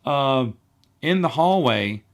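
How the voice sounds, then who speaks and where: A middle-aged man hosting a podcast, telling work stories in a casual, animated way with wry, exasperated asides, acting out the people he quotes. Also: mid-range voice, slow pace. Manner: animated, acts out quoted people in changed voices. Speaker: podcast host. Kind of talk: casual storytelling monologue.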